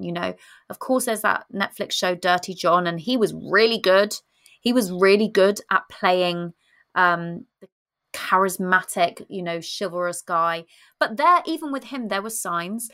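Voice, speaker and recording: A woman in her thirties giving frank, casual relationship advice, animated and swearing freely. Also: medium pitch.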